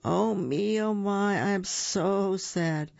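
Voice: medium pitch, slow pace, gravelly, a little mellow, muffled recording, voice pushed up. A reader voicing a moaning gloomy bear. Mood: mournful. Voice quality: mournful sighing.

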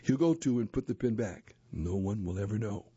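A man narrating a story and a handbook aloud in a steady, expressive reading voice. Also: on the low side, fairly quick, breathy edge, no echo. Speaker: narrator, reader. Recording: dull lo-fi dry recording.

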